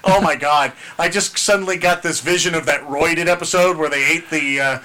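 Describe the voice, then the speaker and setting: Guy on a podcast gushing over cartoon episodes, high bright voice, keeps doing the characters' lines. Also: normal speed. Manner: animated, acts out character lines and sound effects. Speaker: podcast co-host. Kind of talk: casual chat recapping a cartoon.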